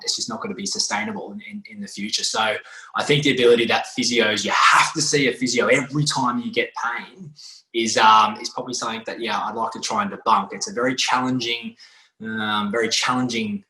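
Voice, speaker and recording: Appearing as a guest on a podcast, a male physiotherapist rambles through animated stories in a fairly quick, casual manner, restarting as he goes. He speaks with a lowish voice, and the recording is reverberant and poor in quality.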